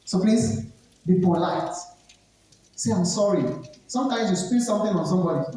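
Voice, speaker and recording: An etiquette trainer with a Nigerian accent gives an emphatic, instructive seminar talk to students, repeating key points. The voice is medium-pitched and mellow at a moderate pace with long pauses, recorded in an echoey hall with the speaker far from the mic.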